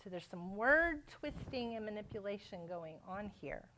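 A woman's voice: medium pitch, lively intonation, moderate pace, bright, forceful tone, a little hiss or hum. A woman teaching a Bible study, reading verses aloud and explaining them with emphatic, conversational asides. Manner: explaining, emphatic, with fillers and restarts. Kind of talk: spoken scripture lesson.

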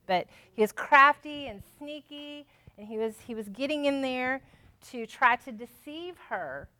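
Woman Bible study teacher, bright and fairly high voice, emphatic conversational explaining. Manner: explaining, emphatic, with fillers and restarts. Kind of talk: spoken scripture lesson.

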